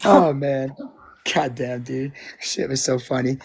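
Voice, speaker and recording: Man, live stream co-host, casual chat, joking, swears a lot, mid pitch. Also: slow pace, gravelly, slightly rough. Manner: joking, swears often, laughs at himself.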